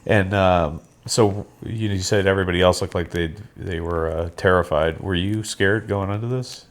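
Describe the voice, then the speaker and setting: A man with a very deep voice interviews a guest. He stumbles into each question, repeating his first words before getting it out. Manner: halting, repeats his openings.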